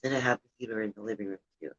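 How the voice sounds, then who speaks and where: A woman's voice: a bass voice, very fast. Chatty older woman, dull lo-fi audio. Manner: chatty, rambling, indignant about politics. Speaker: livestream host. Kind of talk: casual chat with viewers. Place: home room with a heater running.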